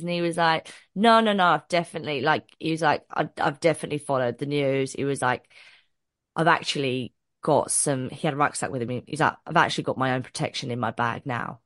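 A woman, co-hosting a podcast and telling an animated story full of swearing and acted-out quotes. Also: deep voice, no room sound, clean studio sound. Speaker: podcast co-host. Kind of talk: casual storytelling chat.

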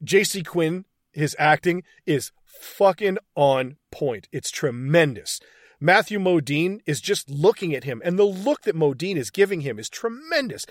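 A man recaps a film scene by scene, swearing freely and getting excited about the acting. His voice sits a little high for a man, and the recording is dry and close. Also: no echo. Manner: excited, profane retelling of scenes. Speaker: podcast host. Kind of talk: casual film recap chat.

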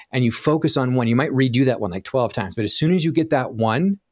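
Animated and quick, a man of medium pitch guests on a podcast interview as a profit coach, acting out inner voices and repeatedly stumbling and starting sentences over. There is no room sound, and the quality is studio-grade.

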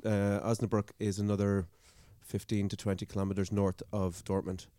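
An Irish man co-hosting a podcast in casual chat, jokey and quick to laugh as he reads out news items. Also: lowish voice, flat delivery, warm tone, no echo, studio quality. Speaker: podcast co-host.

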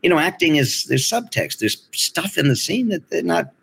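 A man who narrates audiobooks, chatting as an interview guest in an animated, playful way, with lively jumps in his voice. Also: a little high, normal speed, vocal fry, slightly rough. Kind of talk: casual interview chat.

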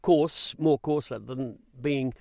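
A man with an Australian accent tells stories from his years on the racetrack as an interview guest. He keeps the tale moving with repeated "I said" and lively retold dialogue. His voice sits in a middle pitch and sounds dry and close. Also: slow, gravelly, dry recording. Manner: animated, repeats "I said" while retelling. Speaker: guest, former racing interviewer. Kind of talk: storytelling in an interview.

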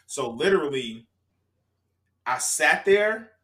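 A man from Florida telling a funny story to friends in a casual chat, dropping low then shouting. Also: slow pace. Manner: animated, laughing, swings from low mumble to loud shouting.

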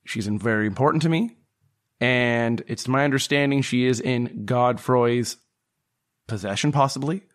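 A man's voice: medium pitch, normal speed, lightly acted. A man voicing a lovesick adventurer who pleads earnestly for news of someone dear. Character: lovesick adventurer searching for a loved one.

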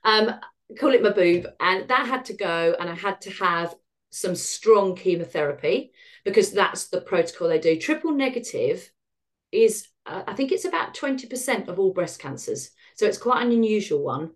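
A woman's voice: mid-range voice, expressive, moderate pace. A middle-aged woman, a podcast guest, tells her personal story in a frank, self-deprecating way and acts out the dialogue she recalls. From United Kingdom.

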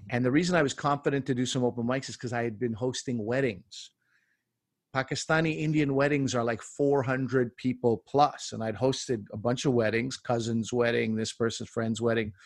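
A man in his forties from Canada, a comedian guest telling stories in a casual, animated way and acting out the voices. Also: mid-range voice, normal speed, no echo, clean studio sound. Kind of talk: casual storytelling.

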